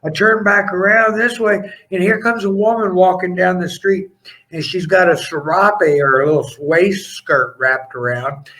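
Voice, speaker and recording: A middle-aged man, a former pro wrestler, telling rambling, animated anecdotes in a casual interview, laughing and restarting as he goes. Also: high voice, moderate pace, poor audio.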